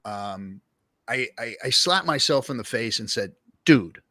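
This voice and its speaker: A man's voice: medium pitch, expressive, measured pace, bright, forceful tone, no room sound, studio quality. A man guest telling his story in a casual, rambling and profane way, full of fillers and restarts.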